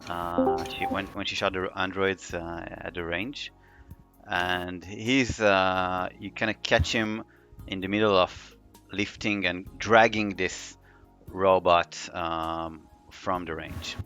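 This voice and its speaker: A man running a tabletop game as game master, narrating in a relaxed way with many fillers. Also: sits low, takes it slowly, faint music behind.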